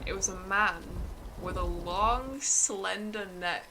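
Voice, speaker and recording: A woman streamer improvising a silly story, narrating slowly and giggling now and then. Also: medium pitch, background noise.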